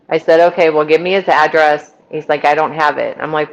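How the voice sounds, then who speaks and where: A woman's voice: deep voice, a little fast, hardly any pauses, highs cut off, a little hiss or hum. A middle-aged woman from Missouri, a podcast guest telling her testimony and acting out the people she quotes. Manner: lively retelling with quoted voices. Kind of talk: storytelling testimony.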